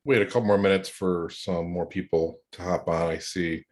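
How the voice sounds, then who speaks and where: Low-voiced guy cohosting a webinar, friendly and jokey, on a call. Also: fairly even intonation, moderate pace, darkish tone. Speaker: webinar co-host. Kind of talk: casual chat.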